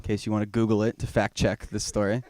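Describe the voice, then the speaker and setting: Doing comedy in a small bar, a young man rambles through a self-mocking story and sometimes breaks into loud, high-pitched shouting. He talks fast with little pitch movement, and the clean studio sound carries no room noise.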